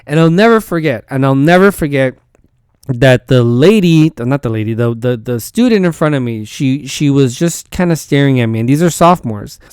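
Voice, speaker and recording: Rambling man with a smooth voice. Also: medium pitch, lively intonation, moderate pace, a little mellow, no echo, studio quality. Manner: rambling storytelling with repeated false starts. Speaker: teacher and podcast host. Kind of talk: casual podcast monologue.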